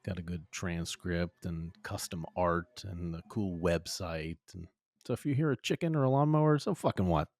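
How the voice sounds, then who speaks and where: A man co-hosts a podcast and gives his opinions in a relaxed, laid-back way, with the odd swear word. His voice is deep. It sounds dry and close, with no room echo. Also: moderate pace. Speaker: podcast co-host. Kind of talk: casual podcast chat. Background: chickens.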